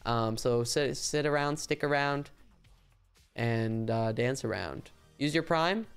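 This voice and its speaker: A man's voice: mid-range voice, slow pace, smooth, soft background music. A young American man chatting casually and playfully on a livestream, rambling with filler words. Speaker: streamer.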